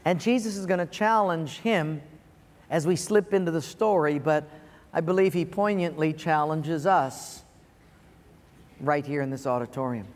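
A man's voice: a little high, measured pace, big-room sound. A man preaching a sermon to a congregation in an auditorium, telling an earnest story and then drawing a lesson from it. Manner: earnest, storytelling, chuckles at his own punchline. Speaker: pastor. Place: large auditorium.

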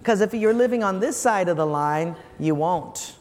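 A man preaching a humorous sermon as pastor, telling a story with lively energy and acting out the voices of the people in it. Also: high voice, moderate pace. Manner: animated, acts out quoted callers. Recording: long hall reverb, faint room noise.

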